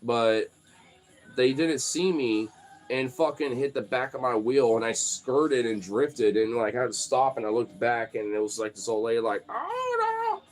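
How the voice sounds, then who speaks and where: A man's voice: medium pitch, fairly even intonation, moderate pace. A young man telling stories casually, rambling, swearing a lot and filling his talk with "like.". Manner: rambling, profane, many "like" fillers. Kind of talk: casual storytelling.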